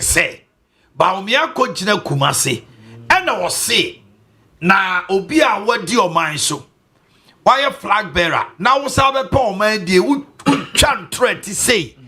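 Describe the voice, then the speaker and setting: A man's voice: high voice, big pitch swings, unhurried, pushed and bright. A man with a Ghanaian accent hosting a political talk show, questioning a caller emphatically. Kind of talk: political talk show, mixing English and Twi.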